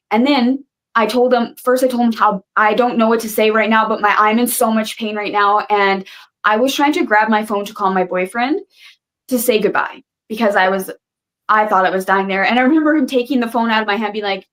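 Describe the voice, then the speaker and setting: A woman's voice: on the high side, fairly quick. A young woman retelling a personal ordeal in an earnest, vivid way, acting out what people said. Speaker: guest telling her story. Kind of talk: emotional personal storytelling.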